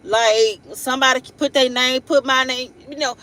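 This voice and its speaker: Her voice is high-pitched and steady in tone, moderately paced and a bit bright, while the low-quality recording carries a little hiss or hum. She's a tarot reader hosting a casual live stream, rambling bluntly and playfully in slangy everyday speech with laughing asides and constant tag questions.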